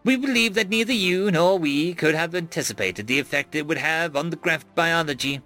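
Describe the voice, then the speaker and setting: A man's voice: on the high side, animated, normal speed, bright, forceful tone, soft background music, pitched above the performer's own voice. A man voicing a stern, aloof male alien ambassador who speaks stiffly and formally.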